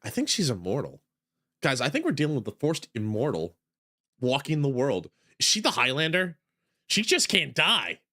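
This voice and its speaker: Joking streamer with lively voice. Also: medium pitch, normal speed. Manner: joking, laughing asides. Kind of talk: casual gameplay commentary.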